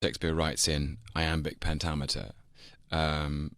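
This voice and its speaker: A man explaining Shakespeare in a thoughtful, measured way, pausing often with ums as he reflects. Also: very deep voice, little pitch movement, a bit bright.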